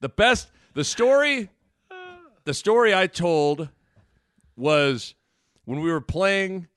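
A man's voice: high-pitched, takes it slowly. A man in his thirties, co-hosting a podcast, telling stories casually and laughing often. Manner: animated, laughs often, acts out voices. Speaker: podcast co-host. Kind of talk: casual storytelling chat.

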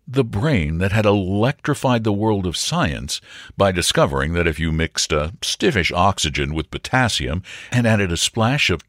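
A man reading a comic story aloud as an audiobook narrator, with an expressive, theatrical delivery. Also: sits low, no echo, clean studio sound.

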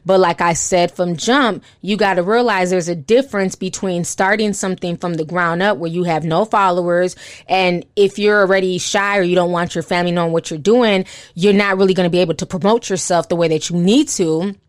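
A woman's voice: lowish voice, steady tone, fairly quick, no echo, studio quality. A young woman giving casual commentary and reading posts aloud, with lots of "you know" fillers.

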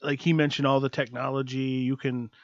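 A man co-hosting a podcast, joking around in casual chat and acting out quick quotes. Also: medium pitch, no room sound, highs cut off. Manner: joking, animated, puts on quick quoted voices. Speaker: podcast co-host.

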